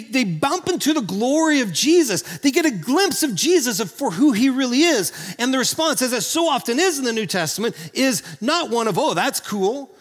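A man from Oklahoma preaching a sermon as pastor, earnest and animated, often restarting his sentences. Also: very high voice, big-room sound. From Oklahoma, USA.

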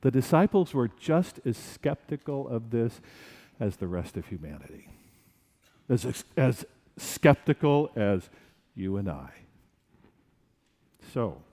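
A male pastor preaching a sermon in a church, animated and acting out the disciples' fright. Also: fairly high pitch, in a large hall.

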